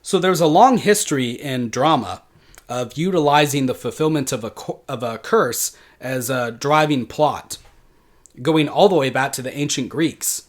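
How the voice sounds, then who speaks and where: A man giving a recorded literature lecture, explaining in a steady way with many "uh" fillers. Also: medium pitch, normal speed.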